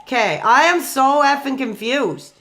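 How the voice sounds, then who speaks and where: This live-streaming gamer in his forties talks in a very high voice. He rambles casually, full of excitement and quick to get fired up.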